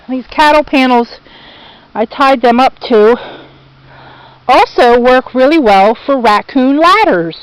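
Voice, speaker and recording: A woman's voice: high voice, smooth, dry recording, poor audio. A woman giving a chatty, casual tour of her home garden outdoors, talking to her pets and venting about her losses. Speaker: vlogger.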